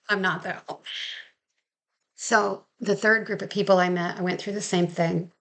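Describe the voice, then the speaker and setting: A woman's voice: lowish voice, fairly even intonation, measured pace. A woman dog trainer telling a story in a casual, chatty way, laughing now and then. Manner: chatty, laughs often, acts out quotes. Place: Maine.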